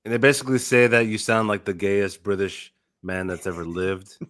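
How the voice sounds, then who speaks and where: A man's voice: lowish voice, normal speed, a bit bright, no echo. A man co-hosting a casual live-streamed chat show, trading dry teasing remarks into his desk mic. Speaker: co-host.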